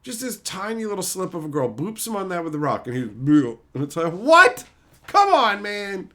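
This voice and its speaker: This man's high voice is very animated, a bit fast and sharp-toned. He's streaming and chatting casually, ranting about a show, swearing often and mocking it with put-on voices.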